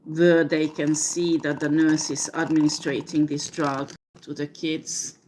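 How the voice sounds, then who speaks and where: Slow, low-voiced woman doing a tarot reading. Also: little pitch movement, darkish tone, slight background noise. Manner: slow, hesitant, many fillers. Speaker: tarot reader. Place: home with a dishwasher running.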